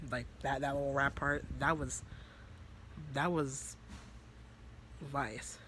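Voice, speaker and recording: A man's voice: mid-range voice, flat delivery, measured pace, pauses often, sharp tone, a little hiss or hum. A man telling a story in a casual, rambling way, full of fillers and swearing. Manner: rambling, filler-heavy and profane. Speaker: vlogger.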